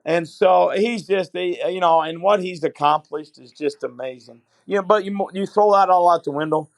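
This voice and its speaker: Higher-voiced coach telling anecdotes. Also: male voice, moderate pace, vocal fry, no echo, low-quality recording. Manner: anecdotal, retells conversations in quotes. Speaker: basketball coach guest. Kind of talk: interview storytelling.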